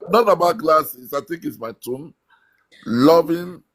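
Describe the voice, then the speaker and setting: A man's voice: fairly high pitch, a bit bright. A man on a live call who laughs as he stumbles through a tongue twister. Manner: laughing, halting, stumbling over words. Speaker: guest trying a tongue twister. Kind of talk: casual live-stream chat.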